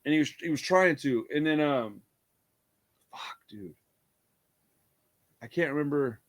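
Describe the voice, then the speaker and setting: Male podcast co-host, casual and excitable, foul-mouthed, frequent laughter, slightly high voice. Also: brisk. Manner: excitable, swears a lot, laughs often, acts out scenes. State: hyper and tired. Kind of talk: casual movie review chat.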